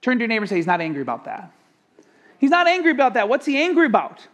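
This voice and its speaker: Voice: medium pitch, very animated, racing, fairly bright tone. A pastor preaching a sermon with emphasis, asking the congregation rhetorical questions.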